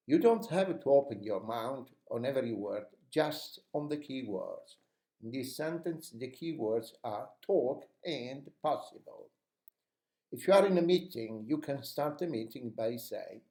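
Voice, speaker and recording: رجل يشرح دروس التحدث بالإنجليزية بنبرة مشجعة وبطيئة، في تسجيل داخل غرفة ذات صدى. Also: male voice, mid-range voice, animated, unhurried, dark tone, echoey room. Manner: encouraging, coaching tone. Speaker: English speaking coach. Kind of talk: instructional video lesson.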